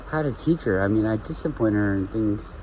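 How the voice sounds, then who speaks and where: Rambling man with a lively voice outdoors. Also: on the low side, brisk, background noise. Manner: rambling, jokey, talks to his dog mid-sentence. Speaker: vlogger. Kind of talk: rambling casual talk to camera. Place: outdoors on a walk with dogs.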